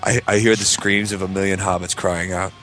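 A man's voice: sits low, level tone, fairly quick, a bit bright, faint music behind. A man cracking jokes and swearing in a casual podcast conversation. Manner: wisecracking, profane. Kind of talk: casual chat.

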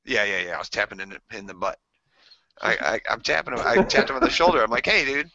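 A man co-hosting a casual podcast chat, telling animated stories and acting out the voices in them. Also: on the low side, quick pace, gravelly. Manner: animated storyteller, acts out voices. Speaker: podcast co-host. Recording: dull lo-fi podcast audio.

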